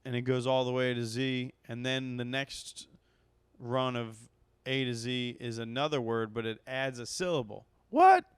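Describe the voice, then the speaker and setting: A man's voice: medium pitch, flat delivery, normal speed, fairly bright tone, smooth, dry recording. A man, a comedian hosting his own podcast, telling a rambling, profane story and getting worked up as he goes. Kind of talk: casual storytelling monologue.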